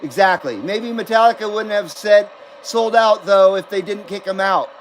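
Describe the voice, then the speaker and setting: Chatty high-voiced man hosting a radio stream. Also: normal speed, a little hiss or hum, poor audio. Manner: chatty, laughs often, reads viewer comments aloud. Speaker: CB radio livestream host. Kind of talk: casual live-stream chat.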